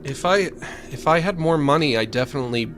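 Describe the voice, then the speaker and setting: Dude streaming a game, rambly and chatty, faint music in the background. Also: male voice, a little high, expressive, brisk, a bit bright. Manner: rambling, chatty, self-deprecating. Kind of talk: casual let's-play chat.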